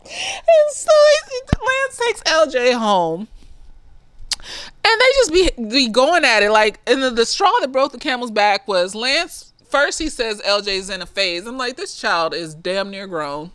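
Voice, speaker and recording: A woman therapist giving a casual, slightly tipsy movie review, animated and profane, laughing often. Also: a little high, measured pace, smooth, dry recording.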